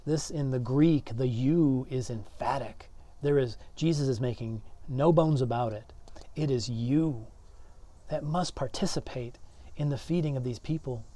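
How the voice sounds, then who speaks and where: A man's voice: medium pitch, normal speed, warm tone. A man, a pastor, giving a sermon in an earnest way, often repeating words as he builds his points. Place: church.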